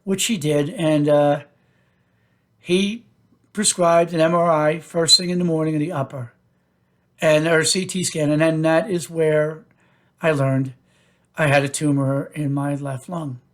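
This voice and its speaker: A man hosting his own podcast, telling a personal story in a halting way with many fillers and restarts. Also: on the high side, steady tone. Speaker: podcast host.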